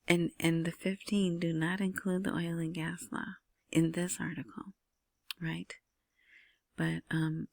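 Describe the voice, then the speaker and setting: A woman's voice: lowish voice, vocal fry, dry recording. A woman talking through currency news in a casual, rambling whisper, often checking in with "right?". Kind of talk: casual solo commentary.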